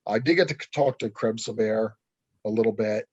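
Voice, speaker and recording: A man's voice: fairly low pitch, normal speed, a little mellow, slightly rough, no echo, muffled recording. A man who is an arm wrestler being interviewed, talking bluntly and swearing a lot, ranting in a heated way. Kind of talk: casual interview over a call.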